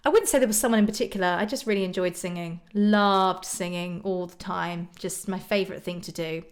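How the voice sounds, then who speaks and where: A woman's voice: fairly low pitch, brisk. Young english girl from near london on a live stream, chatty, reads out comments, lots of ums. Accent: southern English. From England, northwest of London. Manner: chatty, rambling, answers viewer questions with frequent ums and laughs. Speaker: YouTube singer hosting a live stream. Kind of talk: casual live-stream chat reading comments.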